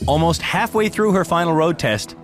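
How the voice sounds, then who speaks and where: A man's voice: fairly high pitch, animated, moderate pace. A man narrating a reality show in a scripted voice-over with dramatic delivery. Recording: music bed behind.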